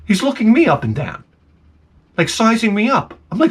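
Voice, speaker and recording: A man's voice: sits high, sing-song, normal speed, breathy edge. A man telling a comic rant about a bad day, exasperated, profane and self-mocking. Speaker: comedy vlogger.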